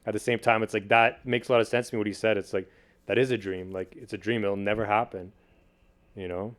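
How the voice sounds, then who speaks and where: A man chatting casually as a podcast guest, talking fast and loosely with lots of slang and "like". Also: lowish voice, steady tone. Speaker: podcast guest, video producer and beatmaker. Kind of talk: casual chat.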